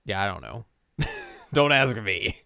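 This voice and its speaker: A man's voice: lowish voice, big pitch swings, slow pace, gravelly, sharp tone, no room sound. A man co-hosting a podcast in casual chat, laid-back and chatty, with dry asides and chuckles. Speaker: podcast co-host.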